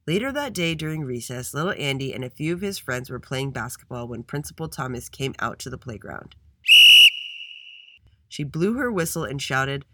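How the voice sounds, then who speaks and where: Storyteller: a man narrating a kids' tale with an animated voice, dry booth sound. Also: medium pitch, moderate pace, no room sound. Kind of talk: reading a children's story aloud.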